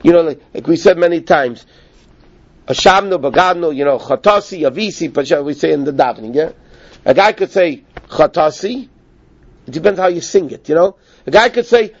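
A man teaching Talmud in a conversation, animated, acting out the voices of the people he quotes. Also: on the high side, a little fast. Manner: animated, acts out quoted speakers. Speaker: Torah teacher. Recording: dull lo-fi recording.

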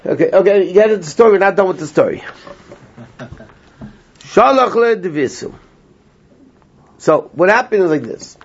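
A man teaching a small class, retelling a story with lively energy and translating as he goes. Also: high voice, unhurried, long pauses, husky. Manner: animated storyteller, translating line by line, laughs often. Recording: lo-fi dull sound.

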